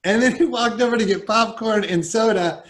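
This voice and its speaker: Male podcast host in his thirties, high voice, quick reactive interjections. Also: fairly bright tone. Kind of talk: casual podcast chat.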